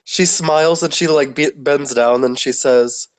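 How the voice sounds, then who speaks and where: A tabletop player describing a comforting character's actions in a gentle, soothing tone. The voice sits mid-range. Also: mid-range voice, unhurried, a little hiss or hum. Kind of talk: casual in-game narration.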